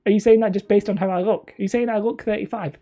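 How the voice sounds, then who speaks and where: A man's voice: sits high, steady tone, quick pace, dark tone. A man in his thirties, hosting a hobby channel and chatting casually with live viewers in a rambling, self-mocking way. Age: 30s. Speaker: hobby terrain channel host.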